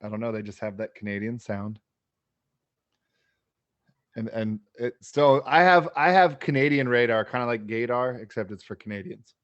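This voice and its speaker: A man hosts a podcast in loose, easygoing conversation, laughing often and cursing casually. His voice sits in a middle pitch. The sound is dry and slightly muffled. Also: moderate pace, no room sound.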